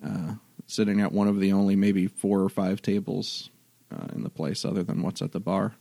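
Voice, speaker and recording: A man narrating a tabletop game as game master, in an unhurried, halting way with many fillers. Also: deep voice, level tone, gravelly, mellow, dry recording.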